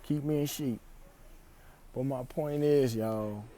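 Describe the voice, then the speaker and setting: Animated Louisiana man vlogging in a store. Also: mid-range voice, slow pace. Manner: animated, emphatic, repeats phrases, speaks in slang. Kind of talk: casual vlog monologue. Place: store aisle, indoors.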